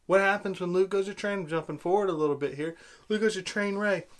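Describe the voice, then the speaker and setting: A man's voice: sits high, fast talker. A man giving an angry, sarcastic movie review rant, exasperated and repeating himself. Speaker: video blogger.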